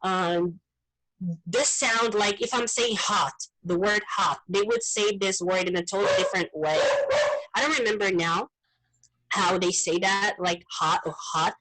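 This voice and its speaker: A woman whose first language is Portuguese, chatting casually in English in an online group meeting, animated and often repeating words as she searches for them. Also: medium pitch, a little slow, rough recording. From Brazil. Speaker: meeting participant.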